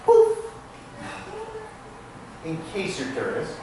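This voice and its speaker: The performer, a man doing comic magician patter, teases himself and jokes with volunteers before a small-theatre audience. He sounds high-pitched and expressive at a moderate pace; the live recording is echoey and far off, with slight background noise.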